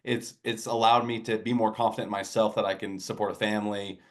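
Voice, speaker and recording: A man guest in a casual interview, speaking haltingly with many restarts and fillers. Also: on the low side, little pitch movement.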